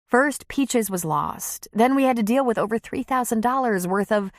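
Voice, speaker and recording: A woman's voice: fairly high pitch, normal speed, no room sound, clean studio sound, pitched above the performer's own voice, close to an everyday voice. Woman voicing a flustered, apologetic bride-to-be. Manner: flustered, defensive. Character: anxious, apologetic young bride-to-be.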